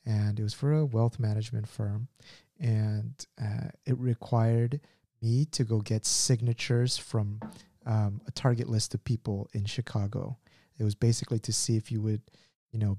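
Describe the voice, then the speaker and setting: A man in his thirties hosting a podcast and telling a story in an animated, casual way, laughing at himself. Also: fairly low pitch, no echo, studio quality. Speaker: podcast host.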